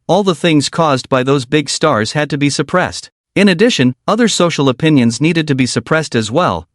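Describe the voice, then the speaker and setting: Lively male recap narrator. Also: a little high, no room sound, studio quality. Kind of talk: scripted narration of a comic recap.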